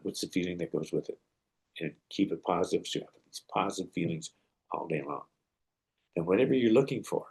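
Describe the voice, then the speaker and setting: A deep, gravelly, slightly rough voice belongs to a martial arts teacher who hosts a motivational podcast. He tells stories and offers earnest advice in a preacherly way.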